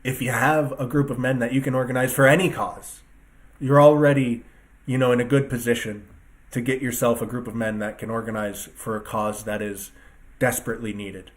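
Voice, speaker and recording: Speaking a little fast in a steady, medium-pitched voice, a man rants to his viewers from his computer desk with its two screens. He's an online commentator doing a casual solo talk that is emphatic, profane and rambling.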